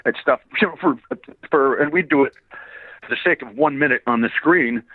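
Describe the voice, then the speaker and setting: An older man tells stories in a loose, rambling way, laughing and cursing as he goes. His voice tires fast. The sound is thin and boxed in, like a phone call with no room around it. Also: medium pitch, dry recording. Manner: rambling, laughing, swears freely. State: gets hoarse quickly. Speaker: voice actor interviewee. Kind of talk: casual phone interview. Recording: tinny phone-line sound, dry.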